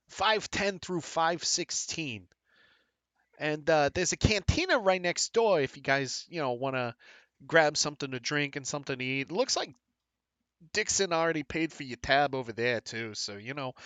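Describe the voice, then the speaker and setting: Guy doing a boston hotel clerk, high and jumpy, stammers a lot, dry sound. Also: animated, unhurried, a bit bright, smooth, no room sound. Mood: chummy. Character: excitable male hotel clerk.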